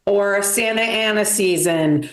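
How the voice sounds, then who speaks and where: A woman's voice: mid-range voice, unhurried, reverberant. A woman from Massachusetts with a Boston accent, doing a stand-up comedy set over a video call, self-deprecating and dramatic, with lots of fillers.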